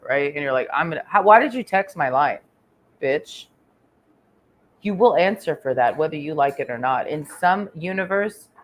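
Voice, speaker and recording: A woman's voice: deep voice, a little hiss or hum. A woman from Texas ranting in a crude, confrontational vlog monologue, swearing constantly and rambling with trailing "and"s. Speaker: vlogger.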